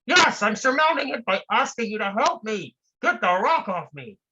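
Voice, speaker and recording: A performer voicing a panicked person pinned under a rock, yelling shrilly for help in a comic piece. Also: medium pitch, very animated, moderate pace, slightly rough, muffled recording, voice pushed up, heavily acted. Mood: exasperated.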